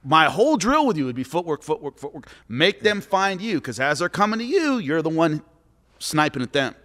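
A man's voice: on the high side, brisk. A middle-aged man, a former fighter, chatting on a podcast and telling stories animatedly, acting out the people he quotes. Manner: animated storyteller, acts out quotes. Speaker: former MMA fighter and commentator, guest. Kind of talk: casual podcast chat. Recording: long echoey reverb.

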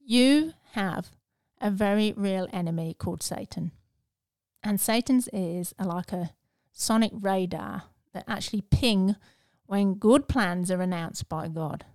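A woman hosting a devotional podcast, speaking earnestly and encouragingly and dropping to a hush at tender moments. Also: mid-range voice, unhurried, no room sound, clean studio sound. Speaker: podcast host.

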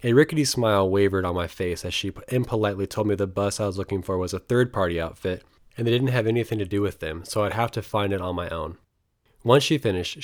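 Low-voiced man reading a travel memoir. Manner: earnest, reflective storytelling. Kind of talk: memoir narration read aloud.

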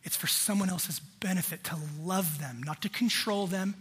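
A man's voice: high voice, moderate pace, a bit bright, in a large hall, a little hiss or hum. A man preaching a sermon, talking conversationally and addressing the congregation directly. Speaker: pastor.

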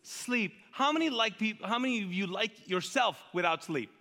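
A man delivers a sermon in a big, echoing room, his voice ringing long off the walls. He sits high for a man and sounds sharp and forceful. He preaches with animated energy and quick jokes. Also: gravelly. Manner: animated, joking preacher who gets louder and higher while telling a story. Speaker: pastor. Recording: reverberant hall.

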